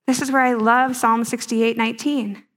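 A woman's voice: a little high, flat delivery, moderate pace, fairly bright tone. A woman giving a conversational teaching talk to a live audience, playful and full of rhetorical questions. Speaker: speaker at a ministry teaching.

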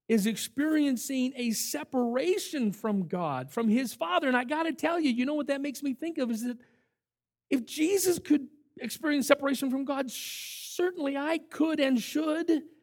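An older man, a camp director, giving a sermon full of stories, emphatic and animated as he acts out what people said. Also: very high voice. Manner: animated, emphatic storyteller who acts out quotes. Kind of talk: sermon with storytelling.

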